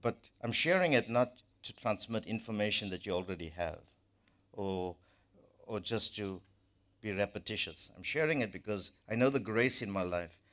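A man's voice: on the low side, animated, normal speed, fairly bright tone. A man preaching a sermon to his congregation, earnest and emphatic, often repeating words as he builds a point.

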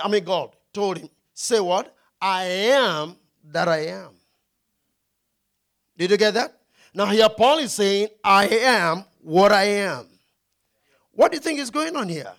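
A man preaching a sermon, emphatic, asking the congregation questions and slowing down to stress key phrases. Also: high-pitched.

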